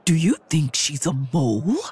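A woman playing a brisk, eccentric aunt who sneaks up on the kids, with a husky, matter-of-fact, wry delivery in an audio drama. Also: deep voice, very animated, dark tone, exaggerated voice.

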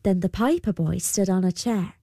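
A woman narrating a folktale in a measured storybook manner. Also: mid-range voice, creaky, warm tone.

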